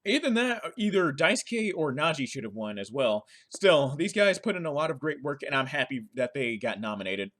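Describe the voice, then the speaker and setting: A man's voice: on the high side, sing-song, normal speed, hardly any pauses, a bit bright. A man giving casual, rambling reaction commentary, often correcting himself mid-sentence. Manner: rambling, chatty, self-correcting, with frequent laughs. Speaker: gaming commentator.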